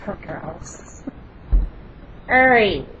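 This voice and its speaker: A young woman vlogging casually, loud and brash, swearing freely and rambling through quick stories. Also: lowish voice, lively intonation. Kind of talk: casual chat and storytelling. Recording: lo-fi home recording with background noise.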